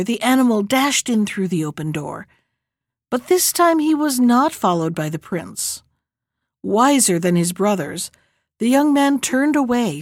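Woman, fairy tale narration, calm, measured, fairly high voice, dry close sound. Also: no room sound. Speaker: storyteller.

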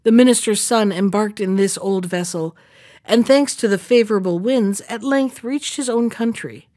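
A woman reading a fairy tale aloud in a steady, measured storytelling manner. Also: mid-range voice. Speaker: narrator.

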